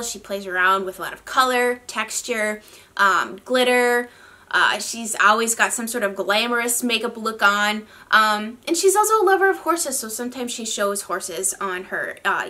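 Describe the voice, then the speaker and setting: A woman from the northern United States chatting casually as a beauty vlogger, rambly and quick to laugh. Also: on the high side, sharp tone. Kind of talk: casual chat.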